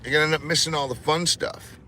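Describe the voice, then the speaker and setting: A man's voice: on the high side, fairly even intonation, fast talker, pushed and bright. A man vlogs in a loose, rambling way, swearing and joking as he goes. He is in a vehicle, with a faint hum of noise underneath. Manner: rambling, profane, jokey. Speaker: vlogger. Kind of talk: casual vlog chat.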